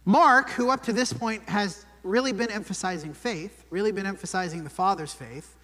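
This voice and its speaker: In a church sanctuary, a man preaches a sermon conversationally, often checking in with "right?". His high voice is pushed and bright at a normal speed, with the long reverb of a church hall.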